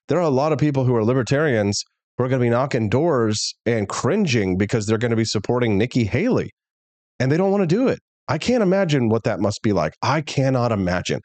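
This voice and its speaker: A man's voice: medium pitch, very animated, fast talker, darkish tone, dry recording. A man hosting a political talk show, speaking candidly and emphatically. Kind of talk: casual political commentary.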